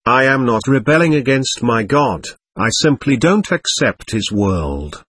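A weary, troubled young novice who speaks with tired irritation, as a man reads him. His voice is husky and lively in pitch, on a dry recording. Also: measured pace, no room sound. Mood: weary irritable.

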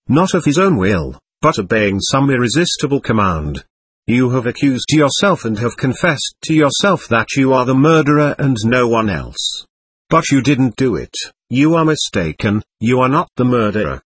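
A man's voice: medium pitch, a bit bright, breathy edge, no echo. A man narrating a classic novel aloud, reading steadily and giving the dialogue light voicing. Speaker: audiobook narrator. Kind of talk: scripted narration.

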